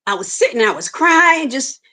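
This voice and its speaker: A woman's voice: high-pitched, expressive, normal speed, bright, forceful tone. A woman, giving an earnest personal testimony in an interview and acting out the dialogue she quotes. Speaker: interview guest.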